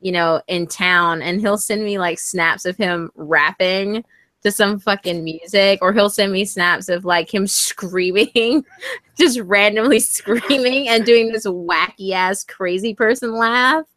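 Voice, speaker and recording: A woman with a slight Southern accent, chatting as an interview guest, animated and swearing freely. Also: mid-range voice, a little slow, no echo. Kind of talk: casual video chat.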